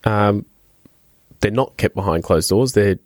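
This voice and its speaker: A man co-hosting a golf podcast in casual chat, animated and restarting his phrases as he thinks. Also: lowish voice, unhurried, no echo, studio quality. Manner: animated, repeats words while thinking.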